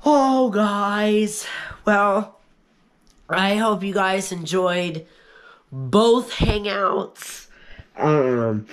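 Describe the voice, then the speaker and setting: A young man vlogging casually while sick, talking slowly and haltingly with fillers. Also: on the high side, fairly bright tone, smooth. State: sick, coughing. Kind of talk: casual vlog chat.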